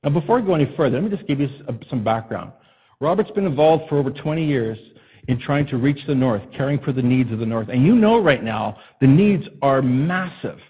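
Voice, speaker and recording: A male pastor preaching a sermon in an impassioned way that builds to loud, emphatic peaks. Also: medium pitch, lively intonation, a little fast, breathy edge, dull audio.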